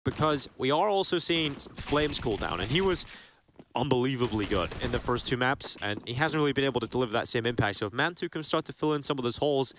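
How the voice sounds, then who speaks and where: Male esports play-by-play caster, middle pitch, excitable calls, light background hiss. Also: fast. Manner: climbs into excited high-pitched calls on big plays. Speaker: esports commentator. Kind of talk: play-by-play commentary.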